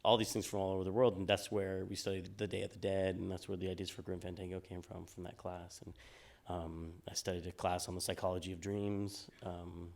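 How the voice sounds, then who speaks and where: A very low-voiced man in his forties chats as an interview guest. He rambles easily, full of ums and restarts, in a relaxed, unhurried way. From United States. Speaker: game designer guest. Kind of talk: casual interview on stage.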